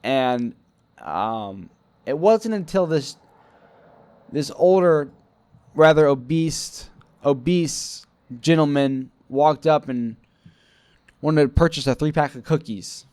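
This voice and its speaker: A man's voice: fairly high pitch, expressive, slow, long pauses, darkish tone, smooth, no echo. A young man rambling through a personal work story, self-critical, acting out quoted lines. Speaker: vlogger telling a personal story. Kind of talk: casual storytelling monologue.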